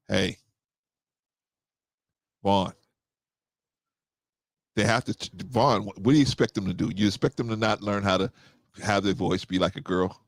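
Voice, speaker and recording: A man's voice: fairly low pitch, moderate pace, pauses often, dry recording. A man hosting a reaction show, mocking and laughing as he comments. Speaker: host.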